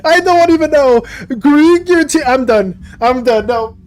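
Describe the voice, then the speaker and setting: A streamer giving excitable live gameplay commentary, swearing and laughing often. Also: high-pitched, measured pace.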